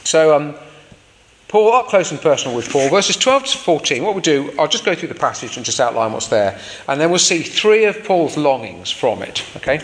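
A man's voice: on the high side, sing-song, normal speed, in a large hall, a little hiss or hum. A man preaching a sermon in an informal, explanatory way with frequent fillers.

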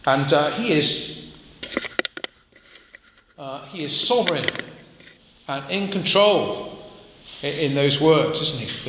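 Male preacher, chatty sermon delivery, slightly high voice, echoey hall. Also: expressive, slow pace, pauses often, background noise. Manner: conversational, asks the congregation questions. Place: church hall. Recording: echoey hall, faint ambience.

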